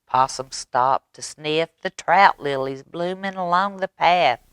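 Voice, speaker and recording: A woman reading a story aloud to children at storytime, with gentle animated asides. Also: low voice, slow pace, clean tone, no echo.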